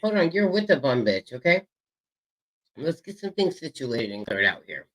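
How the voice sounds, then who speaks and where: A man's voice: medium pitch, sing-song, moderate pace, fairly bright tone, low-quality recording. Profane taunting male drama host. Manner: profane taunting, stretching words for emphasis. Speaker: show host. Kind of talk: heated drama commentary.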